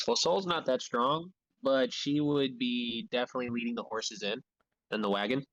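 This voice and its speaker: A man's voice: medium pitch, moderate pace, fairly bright tone, dry recording, lo-fi sound. Man, tabletop player, dry offhand manner, dry close sound. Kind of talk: casual tabletop play.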